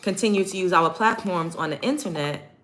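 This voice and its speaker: A woman's voice: on the low side, brisk, a bit bright, slight background noise. A woman host talking casually to her livestream chat while getting ready. She is blunt and emphatic and repeats her points for stress. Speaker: show host.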